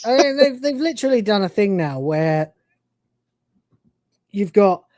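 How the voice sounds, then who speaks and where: A man's voice: sits high, sing-song, unhurried, a little mellow, no echo, clean studio sound. A man hosting a live review stream, ranting and swearing in exasperation. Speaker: host.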